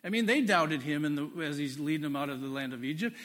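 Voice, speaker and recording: A man preaching a sermon in a conversational way, reading scripture slowly and with emphasis. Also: a little high, animated, fairly bright tone. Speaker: pastor.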